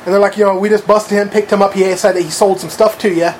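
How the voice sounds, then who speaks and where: A man's voice: sits high, steady tone, quick pace, a little hiss or hum. A man telling a long story in casual chat, rambling with lots of fillers and swearing. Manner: rambling, profane, full of fillers.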